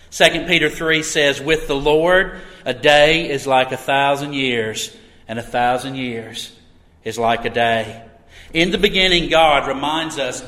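A man's voice: a little high, pushed and bright. A middle-aged man preaching a sermon as a pastor, earnest and emphatic, his volume swelling and dropping. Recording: echoey hall reverb.

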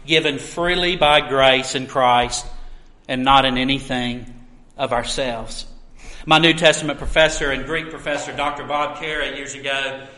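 Man, preacher, bright forceful tone, earnest stresses, roomy sanctuary sound. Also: medium pitch, steady tone, measured pace. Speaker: pastor. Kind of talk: sermon. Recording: echoey room.

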